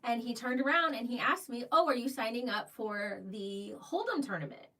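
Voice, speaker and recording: A woman's voice: a little high, animated, normal speed, fairly bright tone, far from the mic, low-quality recording. A woman co-hosting a casual live-stream show, telling stories in a chatty, giggly way. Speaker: co-host of a live cruise show.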